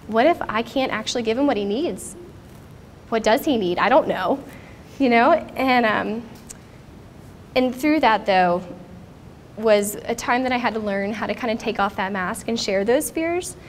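A woman's voice: a little high, animated, a little slow, a little hiss or hum. A woman in her thirties speaking at a conference, telling a personal story in an earnest, reflective way. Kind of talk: personal testimony talk. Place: conference stage.

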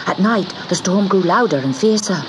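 A woman reading a children's story aloud in an expressive, sing-song way. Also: mid-range voice, normal speed. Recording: background noise.

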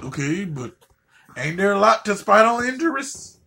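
A man's voice: high-pitched, big pitch swings, moderate pace, vocal fry, bright, forceful tone, slight background noise. A man doing a profane comedic rant, stammering and repeating words as he goes.

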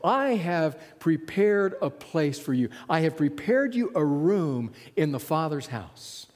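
A gentle, kindly Jesus, voiced by a male preacher speaks softly and without hurry. The tone stays warm and low-key throughout. A long reverb, as in a large hall, trails each phrase. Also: big pitch swings, slow pace.

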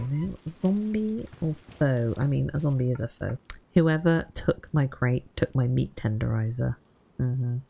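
Gravelly low-voiced woman narrating her gameplay. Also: a little slow, warm tone. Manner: chatty, wry self-talk while playing. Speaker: gaming channel host. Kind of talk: casual gameplay commentary.

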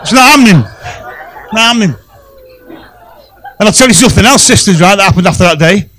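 A man doing stand-up comedy, telling a story in a punchy, animated way. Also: sits high, fast talker, rough recording. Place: comedy club stage.

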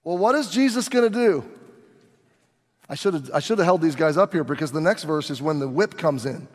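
A man preaching in a church hall, acting out the story in first person with lively, dramatic turns. His voice sits on the higher side for a man, and the long reverb of the room trails each phrase. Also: brisk. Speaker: pastor. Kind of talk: sermon.

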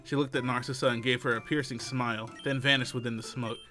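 A man reading the lines of a townsperson in a game, telling the town's dark history in a low, hushed, even voice. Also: quick pace, soft background music, natural voice. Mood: somber.

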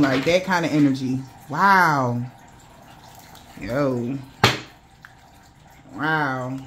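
Over a noisy background, a woman with a low voice gives a casual tarot reading at a moderate pace. She curses freely and mimics the voices of the people in her story.

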